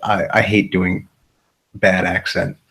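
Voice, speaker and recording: A man's voice: low-pitched, little pitch movement, slow, creaky, a bit bright, breathy edge, poor audio. A man hosting a casual livestream, rambling and profane, often repeating himself. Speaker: livestream host.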